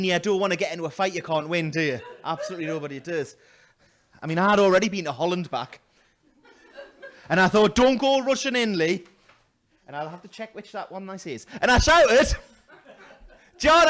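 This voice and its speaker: A man doing a stand-up comedy set in a small venue, telling a story loudly with put-on voices and self-mocking asides. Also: high voice, fast.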